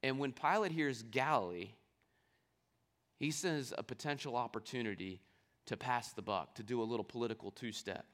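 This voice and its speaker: A man's voice: medium pitch, moderate pace, fairly bright tone. A man preaching a sermon, reading scripture aloud and explaining it, asking rhetorical questions along the way. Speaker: pastor.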